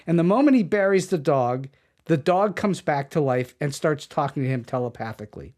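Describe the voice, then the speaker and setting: A man's voice: fairly high pitch, brisk. A man hosting an interview podcast, telling stories with energy and laughing often. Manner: animated storyteller, laughs often. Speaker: podcast host. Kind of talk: casual interview chat.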